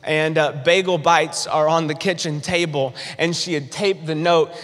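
A man's voice: a little high, fairly even intonation, moderate pace, fairly bright tone. A young man preaching a sermon, telling a personal story animatedly and acting out his own panic. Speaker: pastor. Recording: long hall reverb.

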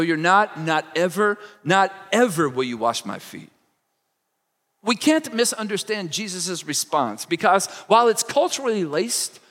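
Male pastor, expressive sermon delivery, reverberant sanctuary sound. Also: high-pitched. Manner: expressive preaching, acts out quoted lines.

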